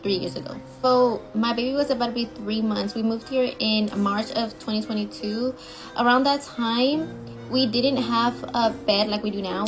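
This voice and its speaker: A woman's voice: on the high side, low-quality recording. Blunt young woman telling a story. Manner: blunt, swears freely, rushed retelling. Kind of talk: casual storytime.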